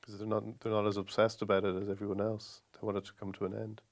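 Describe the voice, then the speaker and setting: A man's voice: fairly low pitch, completely flat delivery, fast. A man interviewing a guest, asking probing questions and backing him with short replies. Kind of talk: conversational interview.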